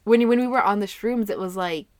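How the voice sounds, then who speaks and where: A woman's voice: mid-range voice, fairly quick, darkish tone, no room sound, clean studio sound. A young woman co-hosting a casual podcast, telling stories animatedly, acting out quotes and swearing freely. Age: young adult. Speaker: podcast co-host. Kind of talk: casual chat.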